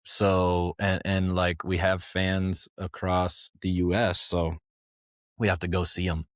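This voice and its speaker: A man's voice: low voice, little pitch movement, takes it slowly, no echo, studio quality. A man talking candidly as a podcast guest, a touring family musician rambling through stories with many restarts. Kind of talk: casual podcast conversation.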